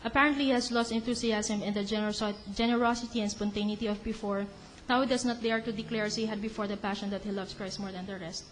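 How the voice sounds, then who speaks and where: A woman with a Filipino accent gives a religious teaching talk, moving between English and Tagalog and acting out quotes in a lively way. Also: medium pitch, quick pace, hardly any pauses, slight background noise. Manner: animated, mixes English and Tagalog, acts out quotes with laughter. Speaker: preacher.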